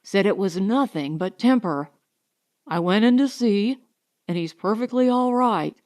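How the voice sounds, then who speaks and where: A woman's voice: medium pitch, lively intonation, a little slow, darkish tone, lightly acted. A woman reading aloud, voicing a worried young father who speaks firmly and steadily. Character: anxious young father, firm and hushed.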